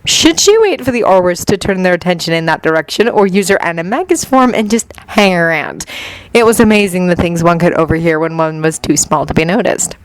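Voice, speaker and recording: A woman reading a fan fiction story aloud in a steady, even audiobook narration. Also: on the low side, brisk, no echo, rough recording.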